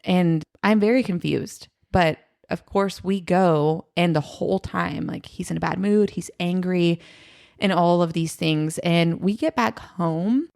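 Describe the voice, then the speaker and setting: Female podcast guest, low gravelly voice, candid storytelling, emotional. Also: measured pace, a little mellow, dry recording, studio quality. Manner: emotional, quotes others in her retelling.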